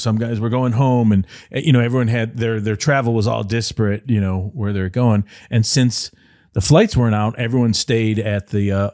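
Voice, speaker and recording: A man's voice: fairly low pitch, a little mellow, dry recording, studio quality. A middle-aged man co-hosting a podcast, telling long rambling backstage anecdotes full of fillers, restarts and laughter. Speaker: podcast co-host, former wrestling insider. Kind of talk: casual storytelling chat.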